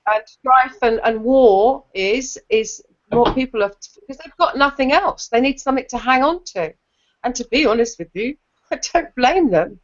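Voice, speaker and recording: A woman with a London accent moderating a casual online debate, blunt and opinionated, quick to set people straight. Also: high-pitched, lively intonation, highs cut off. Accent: London English. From London, England. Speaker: discussion moderator.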